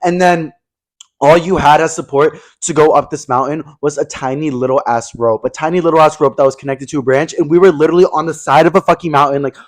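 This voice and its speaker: Young male podcast co-host, quick and a touch high, animated storyteller who acts out quotes. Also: rough recording. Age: 20s. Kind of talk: casual chat.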